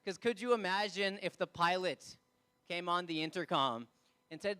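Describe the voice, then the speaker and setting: An Indian man with a notably high speaking voice works a live comedy crowd through a stage mic. His delivery is animated, and he slips into characters for short bits. The sound is a stand-up set in front of an audience. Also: smooth. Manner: animated, acts out characters with quick voice shifts.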